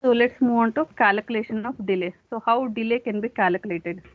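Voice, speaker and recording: A woman's voice: on the high side, fairly quick, no room sound. Tinny-sounding woman lecturing step by step. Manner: explains step by step, often saying okay. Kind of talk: classroom lecture. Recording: dry, tinny phone-like sound.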